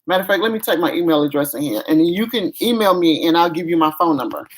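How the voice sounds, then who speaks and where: A woman's voice: lowish voice, lively intonation, fast, slight background noise. A middle-aged woman, venting frankly in a casual vlog chat. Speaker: vlogger.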